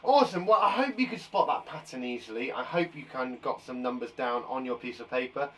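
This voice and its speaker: A man's voice: medium pitch, a little fast, a bit bright, recorded from a distance, a little hiss or hum. A man teaching a live online lesson to young children, upbeat, chatty and encouraging. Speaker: primary school teacher.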